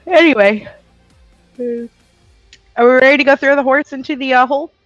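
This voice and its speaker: A woman's voice: high voice, unhurried, dry recording, lo-fi sound, faint music behind. A woman chatting casually as a player in a tabletop game, rambling and laughing as she talks. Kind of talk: casual chat.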